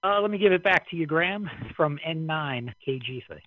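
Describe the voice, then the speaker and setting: A man from the Midwest rambles easily on an amateur radio net, a bit out of breath. His voice sits slightly high. It comes through dry and narrow, like a radio link. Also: fairly quick, no room sound. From American Midwest. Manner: relaxed, rambling. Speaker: caller on the net. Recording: dry radio transmission, phone-like band.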